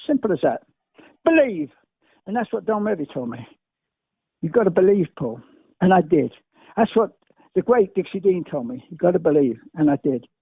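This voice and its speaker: This high-voiced older man from England has vocal fry and a breathy edge as he rambles through emphatic, repetitive stories as an interview guest. The sound is dry and tinny, like a phone line.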